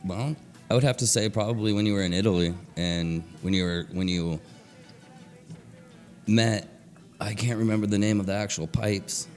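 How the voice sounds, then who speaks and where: A man's voice: fairly low pitch, soft background music. A man co-hosting a podcast who chats casually and keeps losing the words he needs. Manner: halting, loses words. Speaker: podcast co-host. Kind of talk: casual chat.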